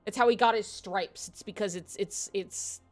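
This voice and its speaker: A woman streamer chats while she plays, giggling often as she tells animated stories. Her pitch sits in the middle of the range. Faint game music plays under her voice. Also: moderate pace. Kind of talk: casual chat while playing a video game.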